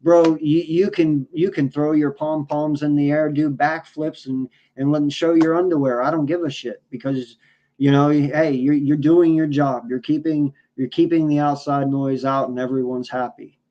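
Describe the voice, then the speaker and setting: A man's voice: a little high, fairly even intonation, moderate pace, mellow, muffled recording, slight background noise. A man co-hosting a sports podcast, ranting in a heated, profane, casual way. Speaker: podcast co-host.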